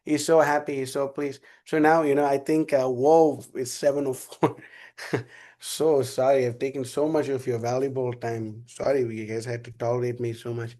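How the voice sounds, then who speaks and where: A man's voice: medium pitch, little pitch movement, normal speed, mellow. A man giving a casual spiritual class, telling a rambling story with frequent laughter. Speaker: class speaker.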